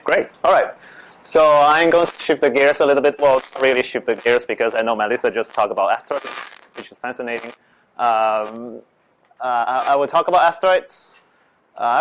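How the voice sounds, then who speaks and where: A man's voice: fairly high pitch, a bit bright, rough recording. A man giving an astronomy lecture in a room, hesitant, with many fillers and restarts.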